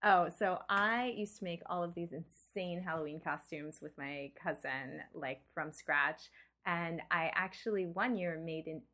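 A woman game designer, a guest in a casual interview, telling anecdotes in a lively way and laughing easily. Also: fairly low pitch, a little slow.

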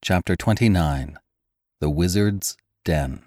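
A man narrating a classic story in an expressive, measured audiobook style. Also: low voice, no echo, clean studio sound.

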